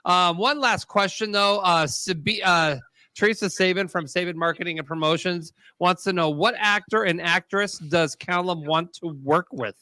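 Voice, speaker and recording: A man's voice: sits high, moderate pace, pushed and bright, dry recording. A man hosting a casual interview, asking questions and wrapping up the segment. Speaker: show host.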